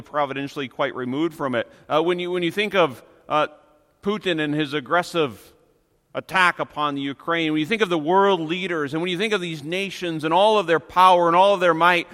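A pastor delivering a sermon, earnest and emphatic, slowing down to stress key phrases. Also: male voice, fairly high pitch, sharp tone, big-room sound.

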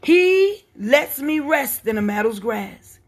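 A woman preaching a sermon, swinging from soft, quiet lines to impassioned shouting. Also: sits high, animated, takes it slowly.

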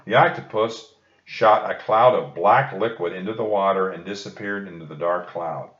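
A man gently reading a children's book aloud, reassuring young listeners. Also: low-pitched, normal speed. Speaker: storybook reader. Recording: dull echoey room recording.

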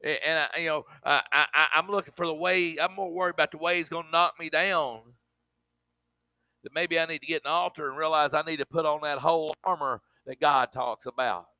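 Forceful preacher in a dry room. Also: male voice, a little high, steady tone, a little fast, dry recording. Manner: emphatic, with colloquial asides to the congregation. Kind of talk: sermon.

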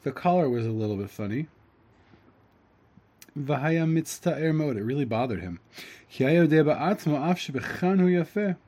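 A man teaching, reading a story aloud and translating it line by line, halting often with fillers and restarts. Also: a little high, expressive, warm tone. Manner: halting, with fillers and self-corrections.

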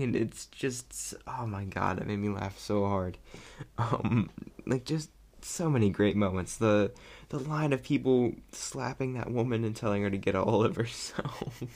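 A young man chatting casually about a movie he loved, rambling and excitable and laughing often. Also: medium pitch. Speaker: vlogger reviewing a movie. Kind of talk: casual chat.

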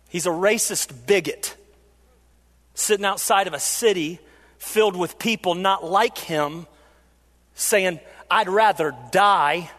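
A man preaching a sermon as pastor, animated and acting out quotes with big jumps in his voice. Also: sits high. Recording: long hall reverb.

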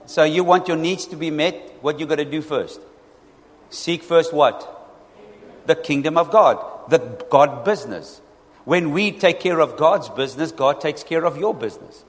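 A male pastor preaching a lively sermon, often calling out to his congregation for responses. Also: fairly high pitch, moderate pace. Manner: animated, asks the congregation for responses. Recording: long reverb in a hall.

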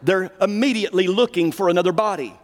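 A male preacher delivering a fervent sermon, dropping to low asides and rising to shouted declarations. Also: quick pace, big-room sound.

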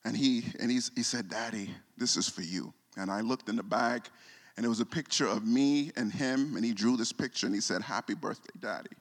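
A man's voice: mid-range voice, fairly quick. Pastor in his forties, echoing church. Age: 40s. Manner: repeats words and restarts, voice drops soft when moved. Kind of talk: emotional sermon storytelling. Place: church sanctuary. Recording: long hall reverb.

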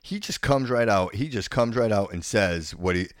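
A man's voice: lowish voice, animated, normal speed, no echo. A man hosting a podcast, giving an indignant, opinionated rant and often stammering and repeating himself. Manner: stammering, repeats words and restarts phrases. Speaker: podcast host.

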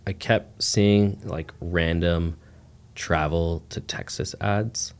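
Low-voiced man telling a casual story. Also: takes it slowly. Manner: relaxed, rambling, heavy use of "like" fillers. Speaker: guest sharing a testimony.

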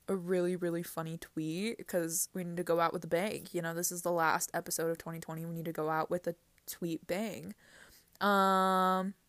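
A woman's voice: on the low side, no room sound. A young woman hosting a casual solo podcast, chatty and giggly, rambling with lots of fillers. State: teary-eyed. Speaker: podcast host.

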